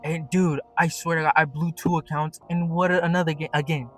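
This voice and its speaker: A man's voice: on the high side, flat delivery, fairly quick, fairly bright tone, faint music behind. Rambling, profane young man vlogging. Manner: profane, rambling, many restarts. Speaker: day trader vlogger. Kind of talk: casual monologue. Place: at work.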